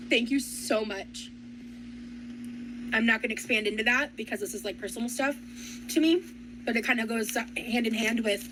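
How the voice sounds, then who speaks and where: Blunt, chatty woman vlogger, higher voice. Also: noisy background. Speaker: vlogger unboxing gifts. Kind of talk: casual chat to viewers.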